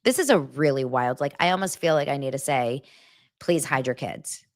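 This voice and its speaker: Chatty low-voiced woman dishing gossip. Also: normal speed. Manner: chatty, dramatic, rambling with fillers. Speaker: gossip show host. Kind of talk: casual celebrity gossip commentary.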